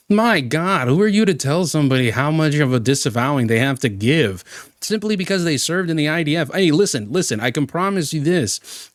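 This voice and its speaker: A man's voice: fairly high pitch, no room sound. Sarcastic, exasperated man in a dry room. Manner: sarcastic, exasperated, swears freely. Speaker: commentary host, former Marine. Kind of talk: heated reaction commentary.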